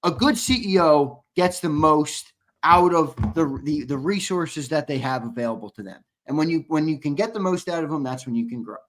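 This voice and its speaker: A man's voice: fairly high pitch, expressive, normal speed, fairly bright tone. Argumentative young man debating football. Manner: argumentative, restarts often, builds to emphatic punchlines. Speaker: sports show co-host. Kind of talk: casual sports debate.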